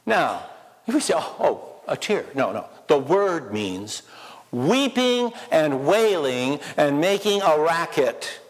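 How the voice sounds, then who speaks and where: A man preaching with passion, his somewhat high voice carrying through a church with a long, ringing reverb. He presses the congregation with rhetorical questions, rising to urgent calls and then dropping to soft asides. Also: sing-song, slow pace. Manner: impassioned, rhetorical questions, swings between loud and soft. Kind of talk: sermon.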